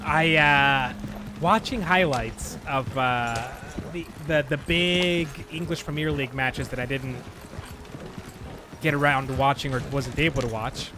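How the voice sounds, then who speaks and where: A man streaming a video game live, chatting casually and getting excitable, swearing and laughing at his own mistakes. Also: medium pitch, unhurried, music in the background. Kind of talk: live gameplay commentary.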